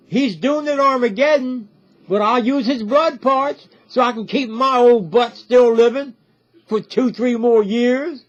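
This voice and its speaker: An older man giving a rambling direct-to-camera talk, repeating himself and often asking "See?". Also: very high-pitched. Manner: repetitive, keeps asking "See?". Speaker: video commentator. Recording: dull lo-fi audio with faint music.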